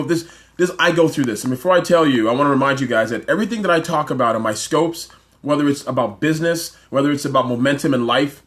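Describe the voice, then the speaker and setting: A man hosting a casual motivational livestream, talking excitedly with lots of fillers and restarts, straight into a phone. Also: mid-range voice. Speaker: livestream host.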